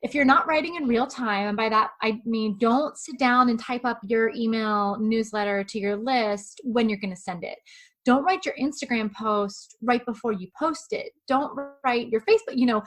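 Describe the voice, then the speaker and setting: A woman who is a professional writer, giving quick, chatty, emphatic advice as a guest in an interview. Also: a little high, fairly bright tone.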